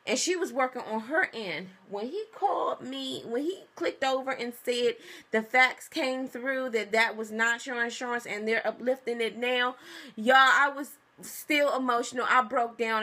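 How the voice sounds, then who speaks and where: Bright-voiced chatty woman vlogger. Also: on the high side, moderate pace. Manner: chatty, animated storytelling, addresses viewers as y'all. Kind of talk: casual pregnancy update vlog.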